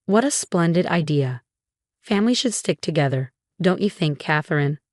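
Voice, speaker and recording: A woman's voice: low voice, lively intonation, moderate pace, a little mellow, no room sound, clean studio sound. A woman reading as a snobbish, condescending mother-in-law. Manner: dismissive, falsely sweet.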